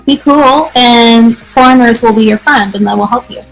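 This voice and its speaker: A woman's voice: on the high side, fairly even intonation, normal speed, hardly any pauses, faint music behind, rough recording. Upbeat, reassuring woman hosting live. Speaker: English teacher hosting a live Q&A. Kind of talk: live casual Q&A.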